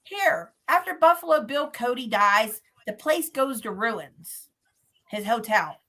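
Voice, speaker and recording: A woman guest telling a story in a lively way, laughing often and acting out what people said. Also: fairly high pitch, slow pace. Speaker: guest psychic medium. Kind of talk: animated storytelling.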